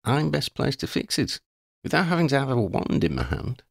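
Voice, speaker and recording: Man playing a young witch leader, reassuring, decisive, lively intonation, dry close sound. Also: medium pitch, moderate pace, vocal fry, breathy edge, no room sound, voice pushed up, full character voice. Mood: firm, reassuring. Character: young witch leading a group, calm, firm, kind.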